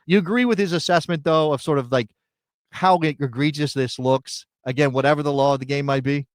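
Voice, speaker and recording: A man co-hosting a sports talk show, measured and analytical, speaking into a studio mic. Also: on the high side, no room sound. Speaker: podcast co-host.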